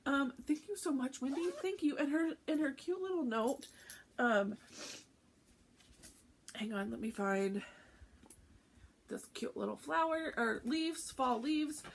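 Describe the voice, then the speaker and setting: A woman's voice: high voice, lively intonation, slow pace, gravelly, long pauses, slight background noise. A woman hosting a cross-stitch vlog in casual chat, candid and heartfelt, often laughing. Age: adult with a teenage son.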